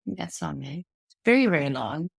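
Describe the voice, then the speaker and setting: Brief: woman, late 20s, host, chatty animated storyteller, lower pitch, dry close sound. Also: moderate pace, creaky, slightly rough, no echo. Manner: animated storytelling, laughs often. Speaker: podcast host. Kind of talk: casual chat.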